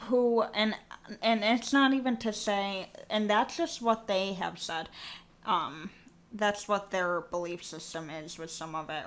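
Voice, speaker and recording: Woman co-host, casual chat, rambles, restarts her thoughts, mid-pitched voice. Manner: rambling, trailing restarts, frequent fillers. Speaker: podcast co-host.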